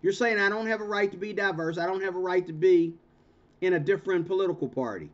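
A man's voice: sits high, quick pace. A man hosting his own channel, talking in an emphatic, confrontational monologue with lots of repeated words and restarts. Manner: emphatic, repetitive, stammering restarts; confrontational, ranting. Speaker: channel host. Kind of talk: monologue commentary vlog. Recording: dull lo-fi recording.

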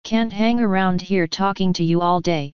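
A woman reads out a puffed-up, sneering watch captain full of bluster, pitched a touch low. Her tone is silky clear and the dull, muffled recording sounds close and dry. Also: normal speed, a little mellow, no echo, close to an everyday voice. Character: pompous bullying male watch captain. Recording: dull lo-fi audio.

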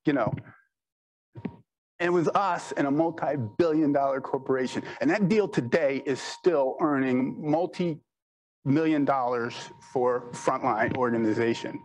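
Male speaker, average pitch, loose anecdotal delivery with filler words, light noise in the background. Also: a little slow, low-quality recording. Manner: rambling, heavy on "you know", laughs at own stories. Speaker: speaker telling business stories. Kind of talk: anecdotal storytelling talk.

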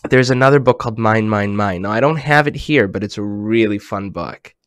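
A man hosting a children's program over a video call, talking animatedly and swinging between hushed and excited tones. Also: on the low side, fairly quick, smooth, dry recording, studio quality.

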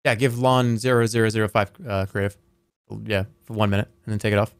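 A man's voice: fairly low pitch, steady tone, clear, resonant tone, no room sound, studio quality. A man in his thirties, a streamer chatting casually and joking while playing a game, reading messages aloud as he goes. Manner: joking, reacting fast, reading chat aloud.

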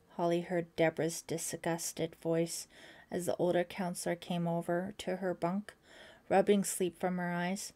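A woman's voice: on the low side, flat delivery, normal speed, mellow. A woman reading an audiobook aloud, voicing the characters and dropping to a whisper in tense passages. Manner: voices characters, drops to a whisper for tense moments. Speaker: audiobook narrator. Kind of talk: scripted narration.

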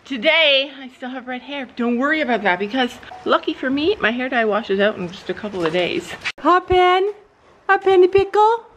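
A woman vlogger and horse owner talking casually to the camera. She rambles through her stories with many restarts and switches to a high sing-song voice when she speaks to her animals. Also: lively intonation, fairly quick, hardly any pauses, fairly bright tone, a little hiss or hum, low-quality recording. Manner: rambling storytelling with frequent restarts. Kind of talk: casual chatty vlog.

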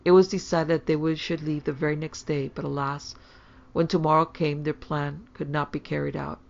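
A woman narrating a ghost story for a podcast, in a measured, steady storytelling voice. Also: low-pitched, gravelly, muffled recording.

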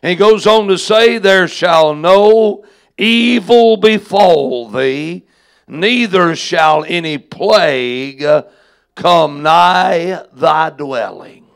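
A pastor with a gravelly, slightly high voice reads scripture very slowly and solemnly during a sermon. Each line is measured and deliberate. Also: male voice.

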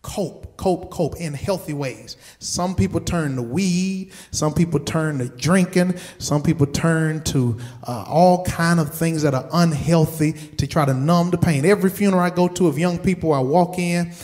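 High-voiced man preaching with emphatic repetition. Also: moderate pace, hardly any pauses, darkish tone. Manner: emphatic, repeats words for stress; asks the congregation direct questions. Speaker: pastor. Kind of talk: sermon.

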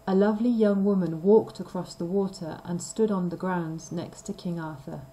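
A woman reading a simple story aloud for language learners, slow and clear. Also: on the low side, fairly even intonation, warm tone, low-quality recording. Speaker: reader of a graded story. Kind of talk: scripted storybook narration for learners.

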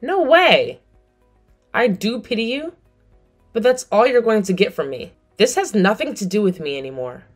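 Casting: a middle-aged woman, cold and firm, animated pitch, faint music behind. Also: normal speed. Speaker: narrator and mother. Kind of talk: scripted story narration.

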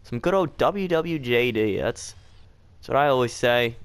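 A man's voice: mid-range voice, animated, moderate pace, clean tone. A man giving casual, profanity-filled commentary while playing a horror game, jumpy and nervously joking. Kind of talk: casual let's play commentary. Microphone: desk mic.

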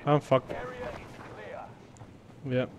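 A man's voice: drawn-out words, background noise. A Romanian man streaming a shooter game, swearing and switching between English and Romanian. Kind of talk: live gameplay commentary. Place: home streaming setup. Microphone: desk microphone. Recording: loud game gunfire behind.

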